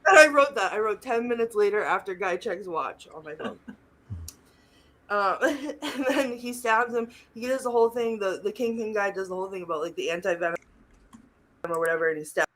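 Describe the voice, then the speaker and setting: A woman's voice: mid-range voice, a little fast, a bit bright. Giggly woman recapping a movie. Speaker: podcast co-host. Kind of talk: casual movie-recap chat.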